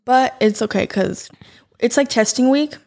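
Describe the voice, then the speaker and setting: A woman's voice: fairly high pitch, a little slow, creaky, a little mellow. A teenage girl from California, a shy guest co-host on a podcast, answering hesitantly in casual chat. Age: teens. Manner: shy, hesitant, short replies.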